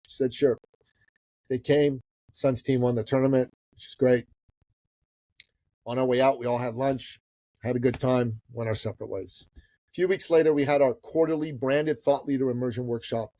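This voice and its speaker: Speaking at normal speed in a mid-range voice, a middle-aged Iranian man tells a story as a podcast guest entrepreneur. He's an animated narrator who acts out the people involved, and the recording is dry.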